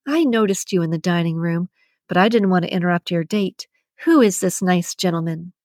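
A woman's voice: lowish voice, fairly quick, darkish tone, dry recording, studio quality, close to an everyday voice. A woman voicing a fussy, gossipy old lady with a cooing, theatrical manner. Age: older.

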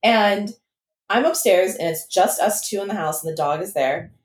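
A young woman co-hosting a podcast, telling a story in casual chat, animated and swearing freely. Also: medium pitch, normal speed, echoey room. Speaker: podcast co-host.

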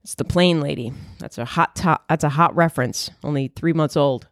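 A woman comedian hosting a podcast, talking in a profane, rambling monologue that swings into loud high exclamations. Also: moderate pace, no echo, studio quality.

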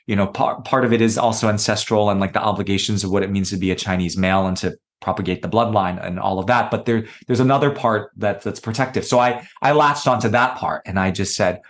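A man appears as a podcast guest, sharing personal stories in a thoughtful, conversational way and acting out the voices he quotes. His voice is on the low side, and he talks quickly with few pauses.

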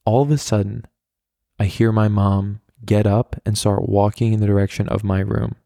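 A low, gravelly American man spins a rambling personal story, leaning on fillers and the odd curse. His tone is dark and mellow, and the recording is close and dry with no room around it. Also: steady tone, moderate pace, dry recording. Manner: rambling, frequent "like" fillers, candid and profane. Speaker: podcast host. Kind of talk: casual storytelling monologue.

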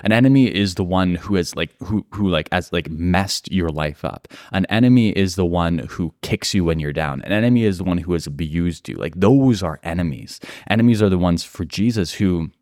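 A man's voice: low-pitched, moderate pace, hardly any pauses, darkish tone, no room sound, clean studio sound. A man co-hosting a casual faith discussion, talking earnestly with frequent "like" and "right?". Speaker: podcast co-host.

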